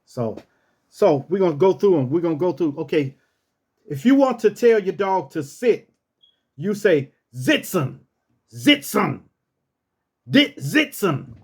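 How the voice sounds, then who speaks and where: A man telling a casual story and teaching dog commands, repeating himself and calling out each command in a rough, drill-sergeant tone. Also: high voice, animated, normal speed, pauses often, warm tone. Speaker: storyteller host.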